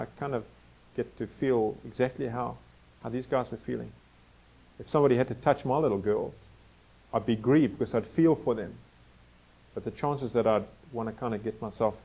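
A man from Africa preaches in a lively, teasing way, stopping to quiz his audience between readings. His voice has a mellow, darker tone. The recording sounds a little dull and muffled. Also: medium pitch. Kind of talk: expository sermon.

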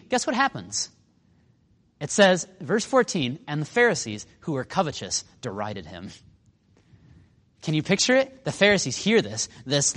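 Male preacher, slightly high voice, lively swings, casual and sarcastic delivery. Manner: animated, acts out quotes with sarcasm, casual fillers. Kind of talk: sermon.

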